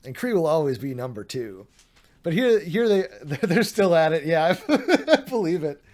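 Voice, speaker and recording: A man on a late-night live stream, sounding worn out as he works through a pile of online drama. His voice sits a little high for a man, and he keeps slipping into sardonic asides, swearing and laughing at what he reads. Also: very animated, unhurried, a little mellow. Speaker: streamer reading drama threads. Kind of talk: casual live-stream commentary.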